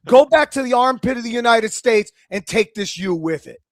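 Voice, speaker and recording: Fired-up high-voiced radio host. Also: male voice, expressive, normal speed, dry recording, clean studio sound. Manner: passionate, fired-up, swearing. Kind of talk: excited sports radio talk.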